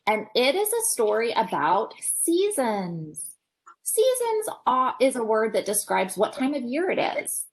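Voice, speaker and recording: Woman reading a kids picture book on a video call, high voice, takes it slow, asks the kids stuff. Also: slightly rough, poor audio. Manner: animated, gasping, asks children questions. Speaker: parent educator.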